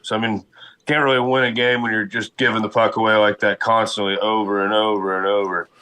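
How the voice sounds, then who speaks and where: A man co-hosting a casual sports talk show, talking quickly and conversationally and often repeating himself. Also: lowish voice, little pitch movement, bright, forceful tone, rough recording. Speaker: co-host.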